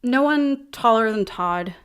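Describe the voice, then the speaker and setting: A woman's voice: fairly high pitch, animated, measured pace, clear, resonant tone. A woman game master narrating a tabletop game in a casual, chatty, giggly way.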